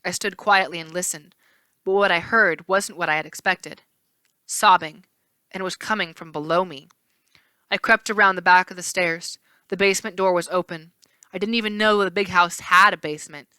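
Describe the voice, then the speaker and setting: A woman reading a novel aloud in first person, expressive, with the odd slip and restart. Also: fairly low pitch, moderate pace, clean tone, no echo. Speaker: read-aloud narrator.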